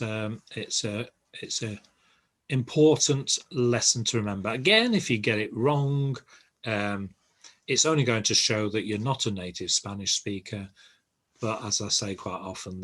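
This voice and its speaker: An older man giving a relaxed, reassuring language lesson, pausing often with ums and uhs. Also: lowish voice. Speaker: Spanish teacher.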